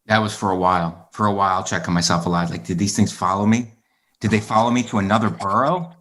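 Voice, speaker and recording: A man's voice: fairly low pitch, fairly even intonation, quick pace, a bit bright. A man hosting a podcast in casual chat, rambling through a personal story and recounting exchanges with other people. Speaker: podcast host.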